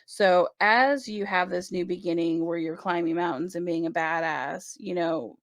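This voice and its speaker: Woman tarot reader, lower register, gravelly edge, chatty and reassuring, dry close sound. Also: normal speed, no echo. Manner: chatty, reassuring, many "right?" check-ins. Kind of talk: casual tarot reading to camera.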